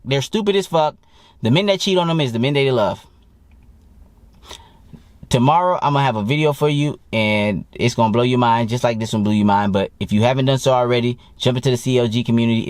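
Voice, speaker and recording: A young man talking as a dating coach in a blunt, profane and animated casual monologue. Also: mid-range voice, no echo. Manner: profane, blunt and animated, mimics people he quotes.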